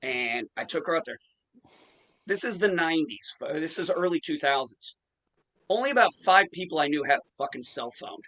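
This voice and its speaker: A man's voice: a little high, expressive, moderate pace, fairly bright tone, poor audio. A man in his forties telling a profane story in casual chat, acting out the quotes. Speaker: podcast host.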